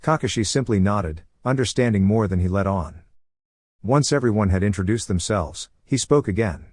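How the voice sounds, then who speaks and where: A man reading a story aloud as narrator in an even, steady way. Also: on the low side, moderate pace, no echo, clean studio sound. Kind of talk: scripted narration.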